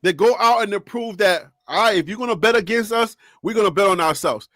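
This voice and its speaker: A woman hosting a casual live sports talk show, animated and laughing often as she teases her co-hosts. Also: mid-range voice, fairly quick, no room sound, clean studio sound.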